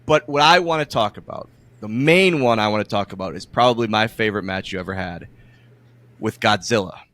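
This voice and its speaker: A man's voice: lowish voice, fairly quick, a bit bright. A man hosting a casual podcast interview, chuckling along and asking his guest questions. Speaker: podcast host.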